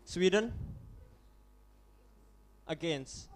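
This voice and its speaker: A man's voice: high voice, expressive. Young indonesian-accented guy running a model un vote, keeps restarting and fixing his words. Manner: halting, repeats and corrects himself. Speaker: conference chair.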